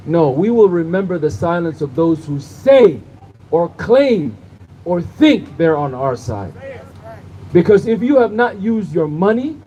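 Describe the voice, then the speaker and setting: A man's voice: high voice, warm tone, a little hiss or hum, low-quality recording. A man delivering an impassioned outdoor protest speech at night, building rhythm through repeated rhetorical phrases. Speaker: rally speaker.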